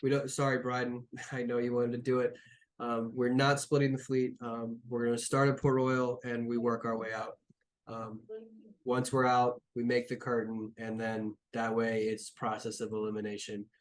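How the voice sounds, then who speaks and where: A man's voice: medium pitch, completely flat delivery, moderate pace. A man narrating as game master of a tabletop game, talking casually with lots of fillers and the odd swear word.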